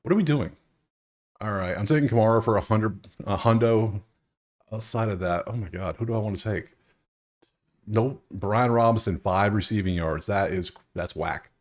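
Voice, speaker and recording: Young male host with a lowish voice for a casual betting breakdown, loose and chatty, thinks out loud. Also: normal speed. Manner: loose, talking to himself, swears.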